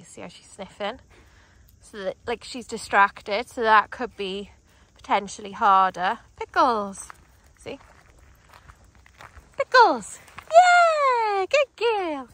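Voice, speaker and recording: A woman dog trainer demonstrating outdoors, explaining calmly between bursts of high, excited calls to her dogs. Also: slight background noise. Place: outdoors on grass.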